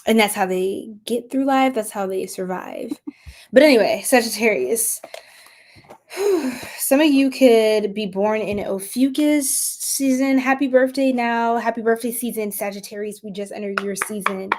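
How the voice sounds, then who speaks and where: A young adult woman giving a casual tarot reading, chatty, laughing often and dropping into soft whispers. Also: fairly high pitch, a little slow. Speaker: tarot reader.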